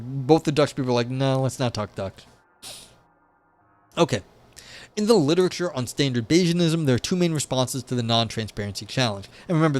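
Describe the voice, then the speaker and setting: A man casually streaming, reading and discussing a philosophy paper in a rambling, chatty way full of fillers and side remarks. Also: medium pitch. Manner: rambling, chatty, many fillers, laughs at own asides. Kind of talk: casual live-stream commentary.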